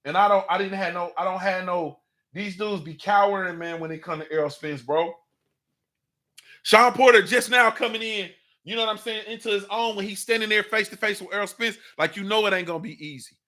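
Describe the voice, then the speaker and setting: High-voiced guy with aave, hosting a morning show, riffs on boxing, bright edge, keeps saying you feel me. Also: a little fast. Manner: animated, slangy, repeats "you understand what I'm saying". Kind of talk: casual boxing talk monologue.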